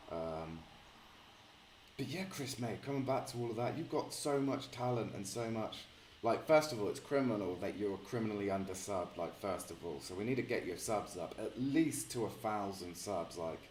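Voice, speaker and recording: A man's voice: fairly low pitch, expressive, moderate pace, a little mellow, a little hiss or hum. A man hosting a live stream, chatting casually with lots of fillers and calling people mate. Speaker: streamer host. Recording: echoey room.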